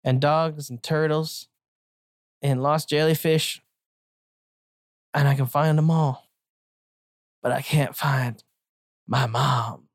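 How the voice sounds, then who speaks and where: A bumbling, self-important male detective with a low, dry, deadpan delivery, done by a woman in her own low voice. He blusters through his lines as if they were grand, recorded close and dry. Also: slow pace, pauses often, dry recording. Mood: blustery. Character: bumbling pantsless male pet detective, gruff and self-pitying.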